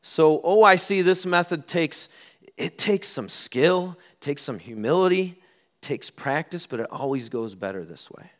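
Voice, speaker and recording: A middle-aged man preaching a sermon, telling stories and acting out quoted lines with lively ups and downs. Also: on the high side, a little slow. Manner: animated storytelling, acts out quotes. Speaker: pastor.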